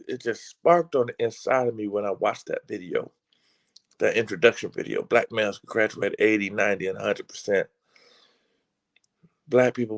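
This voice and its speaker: A man giving a passionate, casual talk as a motivational speaker, emphatic and preacher-like, often stumbling and repeating words as he builds momentum. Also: lowish voice. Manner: casual, slangy delivery.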